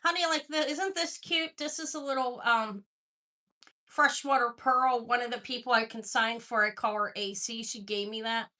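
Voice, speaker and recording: A woman's voice: a little high, fairly even intonation, normal speed, pushed and bright. A woman hosting a live jewelry sale stream, chatting casually and rambling as she greets viewers by name.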